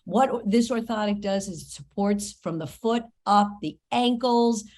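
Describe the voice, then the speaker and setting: A woman hosts her comedy podcast, talking in a loose, chatty way. She reads her own ads and drops quick self-mocking jokes between them. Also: medium pitch, darkish tone. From New York, USA. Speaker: podcast host. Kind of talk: casual podcast chat and host-read ads.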